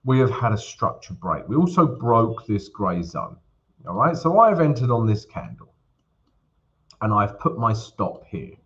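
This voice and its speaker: A man's voice: fairly low pitch, very animated, unhurried, fairly bright tone, highs cut off. Chatty man hosting a trading stream. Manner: chatty, jokey, greets viewers by name. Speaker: forex trading livestream host. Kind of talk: casual livestream chat.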